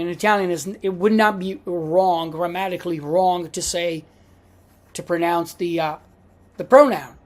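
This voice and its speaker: A woman's voice: on the low side, a little mellow. A woman giving a classroom lecture as a language teacher, patiently repeating each example.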